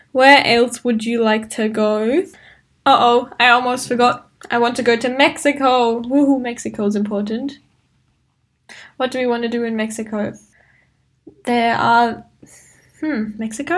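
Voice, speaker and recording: A young woman chatting casually in a vlog, bubbly and talkative, thinking aloud as she plans. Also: a little high. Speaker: vlogger. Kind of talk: casual solo vlog chat.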